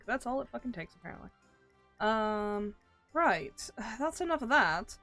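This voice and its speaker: A woman's voice: a little high, expressive, a little slow, fairly bright tone, soft background music. A young adult woman streaming a game, making casual, profane, joking asides.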